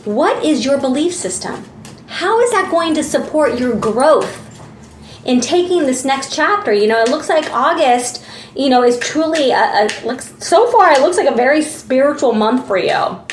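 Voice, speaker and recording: A high-pitched woman talks through a tarot reading in a chatty, earnest way, with plenty of fillers and little acted asides. Her voice sits in a roomy, echoey space. A faint hiss runs underneath. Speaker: tarot reader. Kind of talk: casual spiritual tarot reading.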